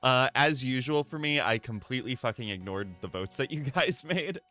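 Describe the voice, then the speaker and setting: Animated streamer guy, lively rambling chat. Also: mid-range voice, moderate pace, faint music behind. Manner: animated, rambling, swears, self-deprecating. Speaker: live streamer. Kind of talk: casual live-stream chat. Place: home streaming desk. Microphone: desk microphone through a mixer.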